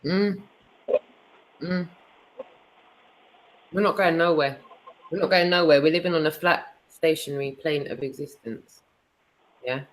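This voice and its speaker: A woman's voice: low voice, measured pace, long pauses, low-quality recording. A woman with a British accent speaking in a defiant, blunt, slangy way during a casual online conversation. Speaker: co-host.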